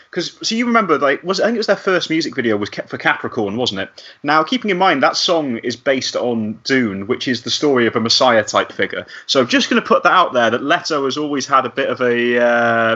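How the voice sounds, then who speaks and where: A man co-hosting a podcast in casual chat, lively, with hedging asides and frequent laughter. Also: medium pitch, brisk, dull audio. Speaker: podcast co-host.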